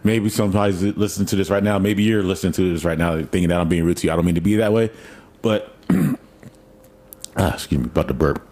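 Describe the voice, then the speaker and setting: A man co-hosting a podcast in casual chat, teasing and animated. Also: sits low, a little fast. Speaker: podcast co-host.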